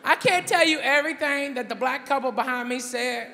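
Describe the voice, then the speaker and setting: A man doing a stand-up comedy routine on stage, telling a story loudly and conversationally, with asides to the audience. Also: extremely high pitch, vocal fry, big-room sound. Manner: loud, conversational, drawn-out storytelling with crowd asides. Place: stage before a live audience. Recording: live stage recording with crowd noise.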